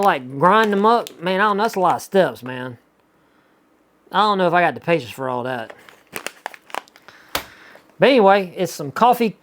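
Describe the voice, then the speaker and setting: Chatty Southern man unboxing on camera. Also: high-pitched. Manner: chatty, excitable, rambling with frequent asides. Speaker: YouTuber reviewing subscription boxes. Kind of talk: casual unboxing vlog.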